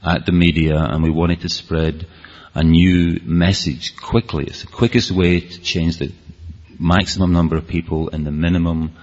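A man's voice: low-pitched, little pitch movement, moderate pace, a little mellow. A man with a Scottish accent giving an earnest, rambling talk to an audience, often restarting his sentences. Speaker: speaker. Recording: dull, lo-fi hall recording.

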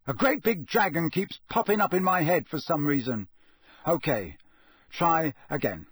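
Man doing a jumpy hot-headed teen boy, pitched way up, sharp, dry audiobook sound. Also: expressive, a little slow, slightly rough, dry recording. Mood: tense. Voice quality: sharp, raised voice. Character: anxious, hot-tempered teenage boy wizard. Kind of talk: audiobook character reading.

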